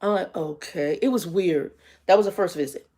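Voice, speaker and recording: A woman in her fifties telling a story in a casual vlog, animated and exasperated, acting out the dialogue. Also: mid-range voice, fairly quick. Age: 50s. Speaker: vlogger.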